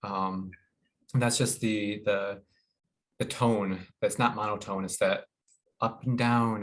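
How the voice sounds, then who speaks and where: Guy with a lowish voice giving a wellness webinar, lots of ums and restarts. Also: low-quality recording. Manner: halting, many fillers and restarts. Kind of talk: informal educational talk.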